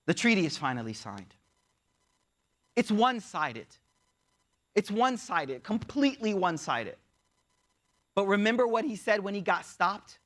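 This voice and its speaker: A man teaching as he tells a story in a lecture, animated and speaking straight to his audience, acting out the voices. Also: high-pitched, moderate pace, pauses often. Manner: animated, addresses audience directly, acts out voices. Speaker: Islamic teacher.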